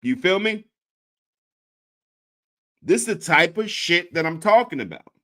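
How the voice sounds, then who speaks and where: A man hosting a reaction commentary, crude, profane and animated. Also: high voice, unhurried. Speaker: host.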